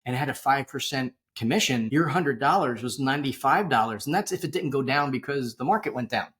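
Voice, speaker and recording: A man's voice: mid-range voice, animated, brisk, fairly bright tone. A middle-aged man, a wealth manager and interview guest, telling stories in a rambling, chatty way with lots of tangents, talking over a video call. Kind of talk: casual storytelling interview.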